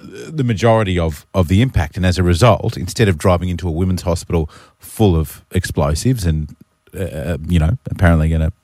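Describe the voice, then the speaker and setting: Australian male radio host, deep and dry. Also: a little fast, a little mellow, no echo. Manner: storytelling, chatty, matey. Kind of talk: breakfast radio banter. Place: radio studio. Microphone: studio mic.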